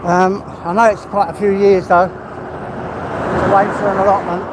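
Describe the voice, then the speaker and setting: This East London vlogger has a high-pitched, level voice and an unhurried pace. He rambles chattily, with some mild swearing, during a casual live chat while walking his dog, with street noise and traffic all around.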